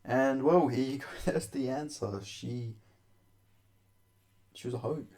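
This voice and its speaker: A man's voice: medium pitch, takes it slowly, darkish tone. A young man hosting a casual commentary vlog, talking crudely with lots of swearing, rambling and often laughing. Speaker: MMA commentary host.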